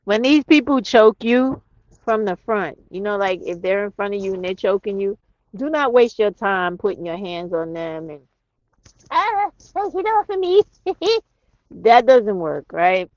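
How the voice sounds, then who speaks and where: A woman's voice: medium pitch, moderate pace, a little mellow, dry recording. Blunt, profane woman talking from a car. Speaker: livestream host. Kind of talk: casual live chat. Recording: dry, dull sound.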